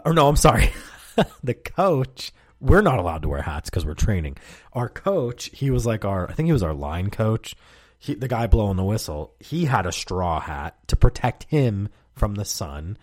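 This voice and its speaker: A podcast host tells stories in a rambling, profane, casual monologue, laughing often and staying close to the mic. His voice is lowish with a darkish tone, on a dry recording.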